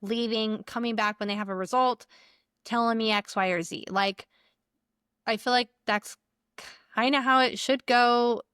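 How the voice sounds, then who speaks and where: A woman's voice: a little high, steady tone, a little slow, a bit bright, clean tone, no room sound, clean studio sound. A woman co-hosting a podcast, chatting casually and prompting her co-host with questions. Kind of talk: casual chat.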